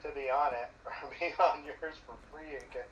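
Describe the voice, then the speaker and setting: A man with a somewhat high voice, steady tone, and moderate pace talks casually as a guest, a journalist explaining at length in a loose way full of fillers. A crowd can be heard behind him, and the mic sounds roomy, distant, and muffled.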